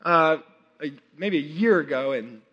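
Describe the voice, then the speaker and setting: A worship pastor in his thirties preaches a sermon in a high, bright voice, chatty and animated with plenty of fillers. He is unwell and keeps working to clear his throat. His voice rings out with the long reverb of a large hall. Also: measured pace, highs cut off. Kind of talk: sermon with personal storytelling. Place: church service.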